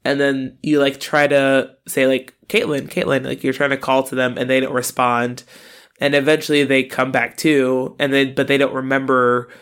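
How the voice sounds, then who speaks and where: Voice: medium pitch, little pitch movement, moderate pace, a bit bright, clean tone. A podcast co-host recapping a TV episode in casual chat, rambling with lots of "like" and frequent laughs. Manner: rambling, laughs often, fills with "like".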